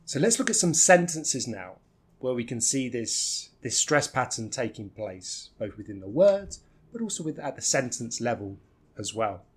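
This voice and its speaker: A man with a non-rhotic British accent teaching English pronunciation, slowly demonstrating the weak and strong forms of words and repeating them. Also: mid-range voice, big pitch swings, slightly rough. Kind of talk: pronunciation lesson.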